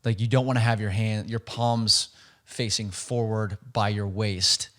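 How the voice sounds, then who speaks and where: A man's voice: on the low side, steady tone, fairly bright tone. Guy hosting a podcast, average voice, asks stuff and recaps for listeners. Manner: prompting questions with brisk recaps, small repetitions. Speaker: podcast host. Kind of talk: podcast interview.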